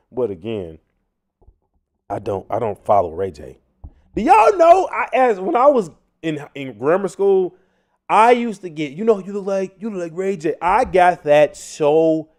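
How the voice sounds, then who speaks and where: Host: young man, lively pitch swings, casual mocking commentary. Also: measured pace. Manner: loud, animated, mocking, slangy. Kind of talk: casual commentary on news clips.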